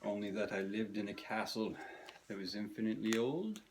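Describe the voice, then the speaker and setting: A man narrating a scripted comedic video essay with dry, sardonic, self-mocking timing and theatrical pauses. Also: lowish voice, noisy background.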